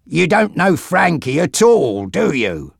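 Brief: a man playing a broken, brooding man in a wheelchair, raised pitch, screaming rage, dry sound. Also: big pitch swings, slow pace, creaky, no echo, full character voice. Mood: bitter. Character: bitter disabled man in a wheelchair, brooding, volatile.

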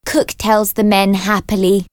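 A woman reading a children's storybook aloud as narrator, clear and expressive. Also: medium pitch, unhurried, no echo, clean studio sound.

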